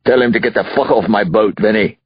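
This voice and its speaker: A man voicing a drunk, rude, wealthy middle-aged father who shouts and sneers, in an audiobook. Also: lowish voice, fast, slightly rough, dry recording, highs cut off, voice pushed up. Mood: belligerent. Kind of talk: audiobook character voice.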